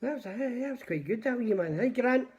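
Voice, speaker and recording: Chatty older Scottish man, high voice. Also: lively intonation, brisk, a little mellow, dull audio. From Scotland. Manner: rambling, chatty, greets viewers by name. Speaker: livestream host telling stories. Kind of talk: casual storytelling to live viewers.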